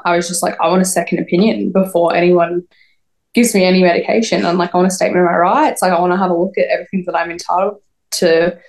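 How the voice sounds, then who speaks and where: A woman's voice: fairly low pitch, flat delivery, quick pace, gravelly, a little mellow. A young woman telling an interviewer her own story, rambling and full of "like". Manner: rambling, lots of "like", quoting others. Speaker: podcast guest. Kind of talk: recounting a personal story in an interview.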